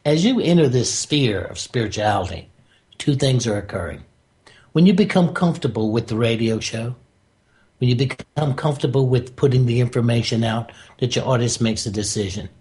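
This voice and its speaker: A man's voice: medium pitch, expressive, moderate pace, darkish tone. Guy talking spirituality on the radio, emphatic, a bit preachy. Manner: emphatic, preacherly, punchy phrasing. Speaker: guest author. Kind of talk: spiritual talk radio interview.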